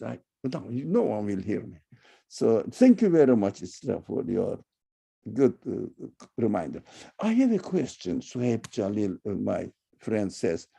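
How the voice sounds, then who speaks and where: A man giving an online religious lecture and answering questions, emphatic, with loud high-pitched bursts and halting non-native phrasing. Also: gravelly, husky.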